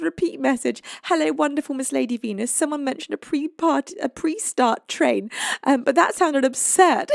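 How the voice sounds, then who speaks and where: A young English woman hosting a music livestream, chatting warmly with viewers, reading out their messages and often laughing. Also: fairly high pitch, brisk, gravelly, dry recording, studio quality. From United Kingdom. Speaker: livestream singer and host. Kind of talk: casual chat with live viewers. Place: home, indoors.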